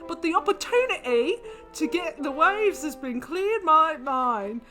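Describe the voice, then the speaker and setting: A woman's voice: high voice, expressive, unhurried, bright, forceful tone, soft background music, pitched above the performer's own voice, heavily acted. A woman putting on an exaggerated impression of a male British racing driver in a bad put-on Cockney accent, reading out a caption with mock poetic flourish. She hams it up as she reads. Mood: mock earnest.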